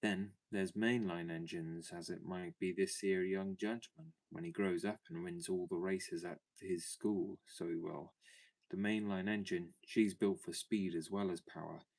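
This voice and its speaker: A man's voice: sits low, steady tone, a little slow, gravelly, a little mellow, exaggerated voice. A man voicing a talkative working-class railway porter in a broad rustic dialect for a storybook reading. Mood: chatty.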